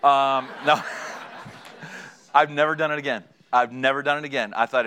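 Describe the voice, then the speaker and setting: A middle-aged man preaching a sermon, telling a story in a lively way and acting out the people in it. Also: mid-range voice, normal speed, clean tone. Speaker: pastor.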